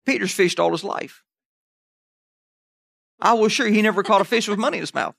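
A man's voice: high-pitched, a little fast, creaky, fairly bright tone, no room sound, studio quality. A man preaching a sermon in a conversational way, checking in with the congregation as he goes. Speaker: pastor.

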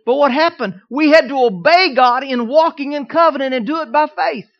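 A man preaching a sermon, telling a personal story in a folksy way, swinging from quiet asides to emphatic declarations. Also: very high voice, moderate pace, dull audio. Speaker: pastor.

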